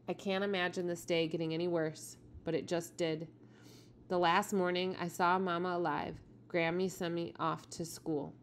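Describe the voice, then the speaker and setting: A woman teacher reading a novel aloud in a steady, plain storytelling manner. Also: lowish voice, normal speed.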